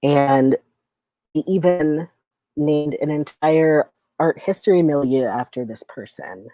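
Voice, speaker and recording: A woman hosts a live variety show, bringing on each act with playful, joking hype. Her voice sits low and she takes her time over the words. The sound is close and dry, with little room around it. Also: slow pace, dark tone, no echo. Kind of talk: live stage introductions.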